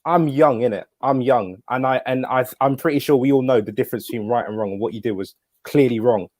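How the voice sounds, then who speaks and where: A man's voice: medium pitch, darkish tone, no room sound, clean studio sound. A young man of nineteen on a livestream panel, speaking indignantly with frequent restarts. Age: young adult. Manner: quick, indignant, full of restarts. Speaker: panel guest.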